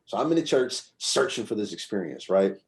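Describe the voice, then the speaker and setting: Male podcast guest, slightly low voice, loose conversational storyteller who rambles and checks in with his listener. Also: lively intonation, a little fast, creaky. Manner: rambling, conversational, frequent "you know what I'm saying". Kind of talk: casual storytelling.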